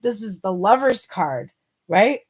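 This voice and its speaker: A woman's voice: mid-range voice, big pitch swings, unhurried, darkish tone, slightly rough. A woman giving a casual tarot reading, chatty and playful, laughing often and swearing casually. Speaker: tarot reader.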